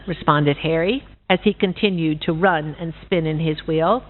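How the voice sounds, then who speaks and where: A woman speaker at a conference, reading a fable aloud in an expressive storytelling manner. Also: low voice, moderate pace. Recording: tinny phone-like sound.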